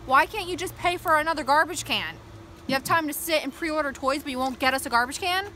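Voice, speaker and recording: A woman's voice: high voice, fast, bright, forceful tone, slight background noise. A woman bickering with her husband in a family vlog, nagging and teasing him in a dry tone. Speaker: vlogger's wife. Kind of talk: casual family vlog banter. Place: at home and outdoors on the street.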